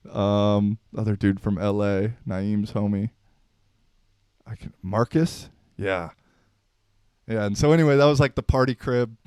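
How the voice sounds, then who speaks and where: A man's voice: lowish voice, darkish tone, smooth, no echo, studio quality. A man in his thirties hosting a podcast, telling unscripted stories in a laid-back, slangy, rambling way. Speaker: podcast host. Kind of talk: unscripted casual storytelling.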